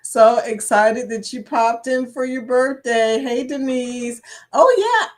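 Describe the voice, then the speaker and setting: A woman's voice: on the high side, level tone, slow, darkish tone. Older lady hosting a live chat, giggly and chatty, bit of a dry cough. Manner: chatty, laughs often, reads viewers' comments aloud. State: slight cough, dry throat. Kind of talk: casual live-stream chat.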